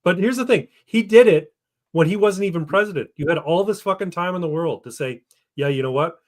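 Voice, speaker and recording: A man's voice: high-pitched, expressive, a little fast, darkish tone. A man co-hosting a casual podcast, swearing freely and spinning long rambling stories. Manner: profane, rambling storyteller. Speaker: podcast co-host. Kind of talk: casual chat.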